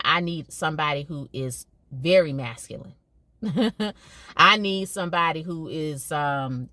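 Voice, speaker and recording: A middle-aged woman speaks to her audience in a casual, emphatic monologue, stressing her points by repeating them. Her voice sits on the low side, and the sound is dry and close with almost no room. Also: fairly bright tone, no echo. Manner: conversational, emphatic, repeats herself. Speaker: podcast host and educator.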